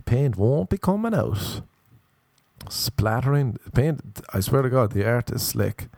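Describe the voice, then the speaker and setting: A man's voice: medium pitch, sing-song, slow pace, vocal fry, a little mellow, husky, dry recording. A male comedian telling rambling, self-mocking stories in a laid-back, casual monologue.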